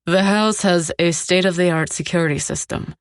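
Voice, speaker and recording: A woman voicing a cold, commanding male crime boss who speaks calmly and with clipped threat. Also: fairly low pitch, moderate pace, no echo, studio quality, close to an everyday voice. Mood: menacing.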